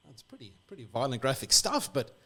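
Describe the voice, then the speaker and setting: An Australian man retelling a bible story on the radio in a lively, animated way. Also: mid-range voice, fairly quick. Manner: lively, animated storyteller who acts out characters. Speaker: church guest.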